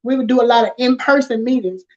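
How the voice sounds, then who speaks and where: Woman, high-pitched, informal chatty talk, dull lo-fi audio. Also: quick pace, darkish tone. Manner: informal, dialect grammar, chatty. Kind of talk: casual conversation. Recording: dull lo-fi sound.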